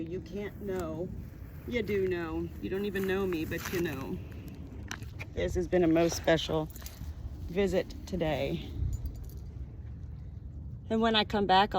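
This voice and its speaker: Soft-spoken woman outdoors, traffic noise. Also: lowish voice, moderate pace, pauses often. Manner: soft-spoken and reverent, addressing the dead directly. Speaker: gravestone cleaning vlogger. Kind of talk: casual narration while working. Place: outdoor cemetery. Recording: noisy outdoor audio with passing traffic.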